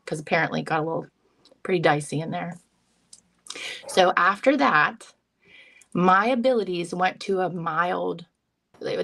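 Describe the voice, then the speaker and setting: A woman's voice: on the low side, vocal fry, a bit bright. A woman, a psychic medium, earnestly telling an emotional personal story as an interview guest, often quoting her own thoughts. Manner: earnest and emotional, retelling with self-quotes.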